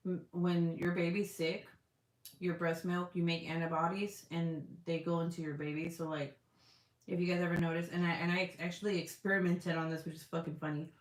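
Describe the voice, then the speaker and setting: A woman chatting casually with her livestream audience, candid and chatty, swearing freely as she talks. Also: fairly low pitch. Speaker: livestream host. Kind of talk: casual chat. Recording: roomy echo.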